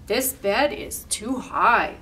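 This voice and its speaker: A woman's voice: mid-range voice, lively intonation, takes it slowly, sharp tone, a little hiss or hum. A woman voicing a jolly, sheepish old Santa Claus in a storybook read-aloud, cheerful and exclaiming.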